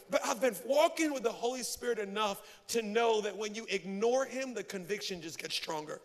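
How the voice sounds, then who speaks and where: High bright-voiced preacher in a reverberant hall. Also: male voice, brisk, hardly any pauses. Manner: animated, acts out voices, self-mocking humor. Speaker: pastor. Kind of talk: sermon with storytelling.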